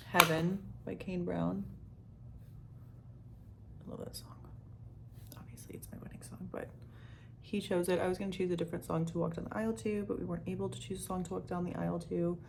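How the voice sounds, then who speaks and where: Low-pitched with vocal fry, this young vlogger chats her way through a makeup tutorial over some background noise. Her talk wanders, packed with "like" and fillers, with casual swearing and occasional dips into a near-whisper.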